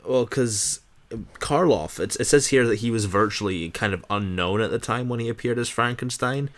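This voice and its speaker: A man co-hosts a podcast, talking casually about old films in a thoughtful, earnest, slightly hesitant way. His medium-pitched voice is fairly bright and moves at normal speed.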